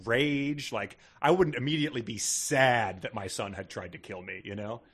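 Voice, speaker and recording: Husky man with dry wry remarks. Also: mid-range voice, normal speed, a bit bright. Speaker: podcast co-host. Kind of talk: casual comic chat.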